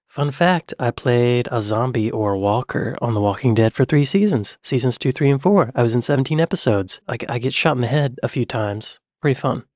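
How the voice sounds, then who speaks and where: A man's voice: mid-range voice, animated, brisk, few pauses, a little mellow, dry recording, clean studio sound. A man from the Southeastern United States, chatting casually as he reacts to a video and repeating himself in an easygoing way. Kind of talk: casual commentary.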